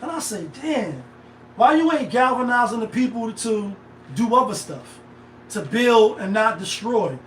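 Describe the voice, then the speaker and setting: High-voiced man rambling in an echoey room. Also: expressive, normal speed, far from the mic, slight background noise. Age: middle-aged. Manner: rambling, digressive, heavy slang and filler. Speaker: livestream host. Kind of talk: casual live monologue. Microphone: phone set back from the speaker.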